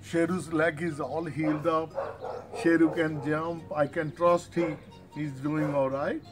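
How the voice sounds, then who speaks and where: A man's voice: a little high, level tone, unhurried, music in the background. A man filming his dogs at home, narrating casually and coaxing his dog fondly.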